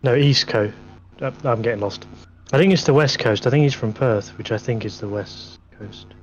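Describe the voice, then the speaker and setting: A man's voice: medium pitch, moderate pace, highs cut off, a little hiss or hum. A man joining a stream as a guest coach, talking casually and thinking aloud. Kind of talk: casual chat.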